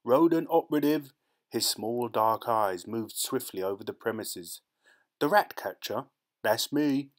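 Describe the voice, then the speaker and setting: In a storybook reading, a man voices a sly, scornful ratcatcher who is boastful and secretive and speaks with rough grammar. His natural voice sits at medium pitch, moving a little slowly, and his mood is curt.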